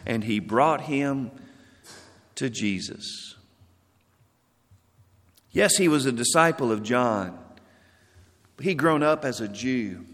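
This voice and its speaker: A man preaching a sermon, reading scripture aloud and explaining it with rising emphasis that falls away low. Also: expressive, takes it slowly, pauses often, a bit bright, big-room sound.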